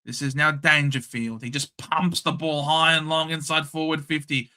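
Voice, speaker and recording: A young Australian man hosting a casual live watchalong, calling the play in a chatty, excitable and blunt way. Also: fairly high pitch, moderate pace. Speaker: host. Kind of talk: casual live match commentary.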